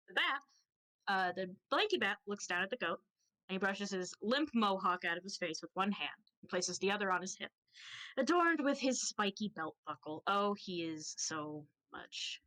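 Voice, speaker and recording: A woman's voice: medium pitch, expressive, measured pace, pushed and bright. A woman narrating her moves in a tabletop game, giggly, swearing often and teasing herself. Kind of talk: casual tabletop play narration.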